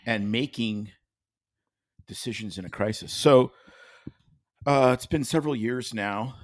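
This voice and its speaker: Animated swearing podcast co-host man. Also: medium pitch, measured pace, dry recording, clean studio sound. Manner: animated, swears freely, does mock accents. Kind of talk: casual chat.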